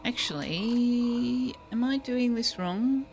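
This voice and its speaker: A woman's voice: fairly high pitch, takes it slowly, a little mellow, a little hiss or hum. An Australian woman streaming a game, chatting casually with viewers and musing aloud with easy laughs. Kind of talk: casual gameplay chat with viewers. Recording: faint background music.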